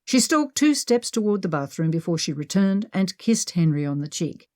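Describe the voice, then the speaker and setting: A woman reads an adventure audiobook in a steady, measured way. Her voice sits lower than most women's and keeps an even, unhurried narrating tone throughout. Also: dry recording, clean studio sound.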